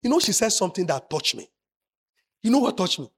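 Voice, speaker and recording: A man preaching a sermon, moving from quiet, confiding asides to loud, shouted emphasis. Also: high voice, very animated, a little fast, vocal fry, husky. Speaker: pastor.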